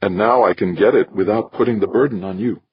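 A man voicing a bright, gentle young woman speaking to her father in a lifted voice. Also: on the low side, a little fast, breathy edge, no echo, dull audio, voice pushed up.

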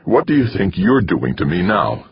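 A man's voice: sits low, sing-song, normal speed, husky, lo-fi sound, voice pushed up, heavily acted. A man voicing a hurt, defensive man who snaps in anger, in an audiobook. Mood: defensive, bitter. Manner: defensive, snapping.

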